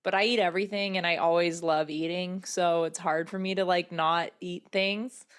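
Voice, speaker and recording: A woman's voice: lowish voice, steady tone, normal speed, clear, resonant tone. A woman from the US Northwest, a comedian guest, chatting casually in an upbeat way and laughing easily. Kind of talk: casual chat.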